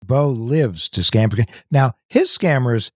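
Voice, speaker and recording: A man co-hosting a podcast, explaining things in a measured, casual way. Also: mid-range voice, expressive, darkish tone, husky, no echo, clean studio sound. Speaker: podcast co-host. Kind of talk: casual chat.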